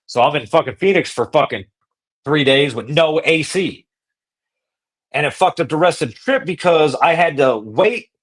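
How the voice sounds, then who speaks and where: A man hosting a podcast, telling a road-trip story in casual, profane, slangy talk that gets animated. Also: fairly high pitch. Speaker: podcast host.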